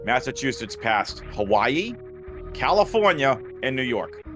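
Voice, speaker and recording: A man's voice: medium pitch, very animated, measured pace, music in the background. A man from New England doing casual live commentary on a speedrun race, chatty and joking, laughing often. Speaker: game commentator.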